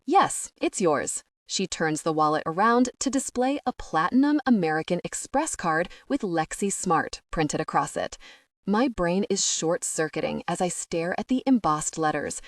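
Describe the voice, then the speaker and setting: A British woman reading an audiobook in the first person, expressive and wry. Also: lowish voice, normal speed, no room sound, clean studio sound. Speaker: audiobook narrator.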